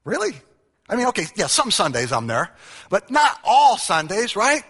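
A man's voice: high-pitched, huge pitch swings, normal speed, fairly bright tone. A middle-aged man preaching a humorous sermon, telling family stories with acted-out quotes and self-mocking jokes. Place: large church hall. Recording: church hall with long reverb.

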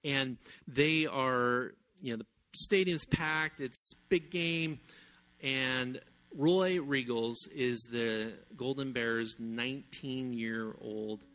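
A male pastor preaching a sermon, who tells a story in animated, sometimes loud bursts. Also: medium pitch. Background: guitar music.

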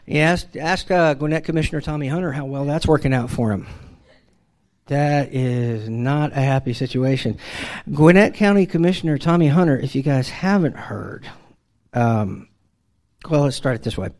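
A man's voice: medium pitch, expressive, moderate pace, darkish tone. A middle-aged man tells a self-deprecating personal story in a casual, conversational way. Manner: wry, self-deprecating, conversational with frequent restarts. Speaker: father telling a personal story.

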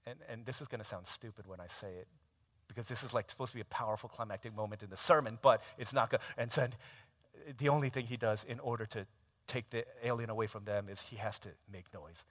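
A man preaching a sermon, retelling a film scene in a conversational way, dropping to a hush and rising to loud emphasis. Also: on the low side, quick pace. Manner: conversational storytelling, swings from hushed to shouted. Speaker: pastor.

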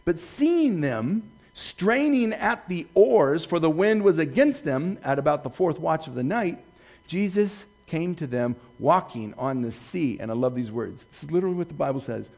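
A man preaching a sermon, retelling Bible stories with lively swings from hushed quoting to excited bursts. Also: fairly high pitch, gravelly. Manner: animated storytelling, jumping from hushed to excited; quotes scripture slowly and softly. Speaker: pastor.

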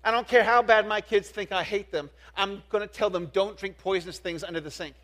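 High-pitched preacher man, animated. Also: a little fast. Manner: animated preaching, acting out quoted voices, repeats words. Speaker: youth pastor. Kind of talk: sermon.

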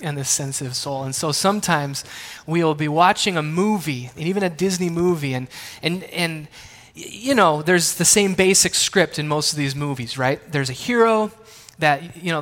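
A man's voice: a little high, fairly bright tone. A man in his thirties preaching, telling family stories in a conversational, joking way and asking the audience questions. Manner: conversational, self-deprecating, asks the audience questions. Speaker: pastor. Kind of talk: sermon with family anecdotes. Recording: long reverb of a large hall.

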